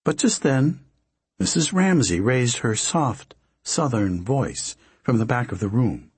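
A man narrates a story in a measured, wry audiobook reading. His voice is breathy and slow-paced, with lively pitch movement and a dry, close sound. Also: dry recording.

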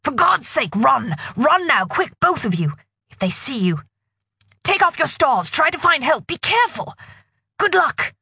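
A woman voicing a nervous policeman giving short urgent orders, in her husky voice. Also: high-pitched, sing-song, normal speed, hardly any pauses, bright, forceful tone, no echo, studio quality, voice pushed up, exaggerated voice.

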